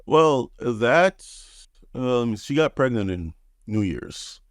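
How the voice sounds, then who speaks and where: A man's voice: mid-range voice, lively intonation, takes it slowly, no echo, clean studio sound. A man in his thirties, a podcast guest telling his story in a laid-back, frank way, swearing freely. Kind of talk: casual storytelling.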